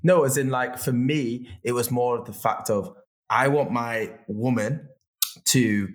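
A man's voice: medium pitch, measured pace. A young man co-hosting a podcast in casual chat, laid-back and agreeable. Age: young adult. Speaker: podcast co-host.

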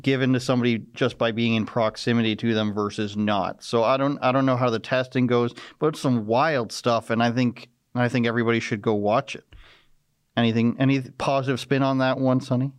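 A man's voice: mid-range voice, steady tone, a little fast, clean tone, dry recording. A man hosting a casual podcast chat, rambling and jokey with many restarts. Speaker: podcast host.

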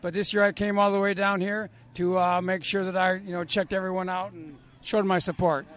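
A man's voice: sits high, level tone, brisk, a bit bright. A man interviewed in a crowd, earnest and speechy, talking like an activist.

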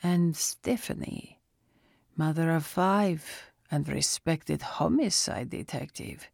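A man's voice: a little high, takes it slowly, gravelly, no echo, clean studio sound, heavily acted. A woman voicing the spirit of a man's dead father with a Russian accent, who speaks in clipped phrases that drop small words. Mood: persuasive. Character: father's spirit from paradise, earnest Russian man. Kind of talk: storybook narration.

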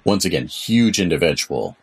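A man narrating as game master of a tabletop game podcast, describing scenes in a relaxed, wry way. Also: deep voice, moderate pace.

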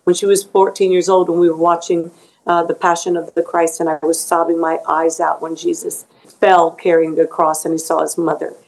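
A woman's voice: lowish voice, little pitch movement, normal speed, a little mellow, poor audio. A middle-aged woman being interviewed as an author, speaking earnestly and emotionally about faith, often repeating words as she goes.

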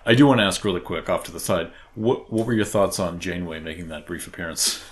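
A man with a Boston accent co-hosting a casual podcast chat, excitable and rambling, often restarting his sentences. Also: low voice, fast talker. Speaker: podcast co-host.

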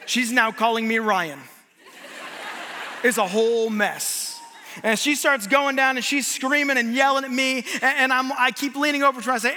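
A man giving a sermon as a guest preacher, telling a funny story on himself in an animated, self-mocking way. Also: very high voice, moderate pace, in a large hall, slight background noise.

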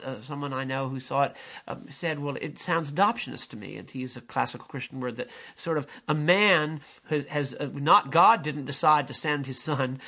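A man's voice: fairly high pitch, pushed and bright. An older man giving a lecture on theology and drama, speaking hesitantly with many restarts.

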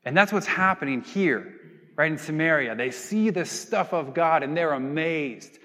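Conversational preacher in an echoing hall. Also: male voice, lively intonation, a little slow, pushed and bright. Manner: conversational, acts out quoted voices with big pitch jumps. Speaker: pastor. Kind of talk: sermon. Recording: long hall reverb.

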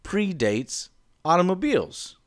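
A man's voice: high voice, very animated, measured pace, smooth, dry recording. A young man rambles through an explanation with plenty of "like" and "um." His voice sits in the middle range. The recording is dry and close, with no room sound. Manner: rambling explainer, many fillers. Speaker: podcast cohost. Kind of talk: casual chat.

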